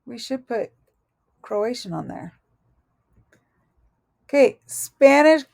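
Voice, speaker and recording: A woman teaching a Spanish lesson from her notes, speaking slowly and deliberately and correcting herself aloud as she goes. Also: fairly high pitch, lively intonation, vocal fry, darkish tone, dry recording. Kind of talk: recorded lesson reading through notes.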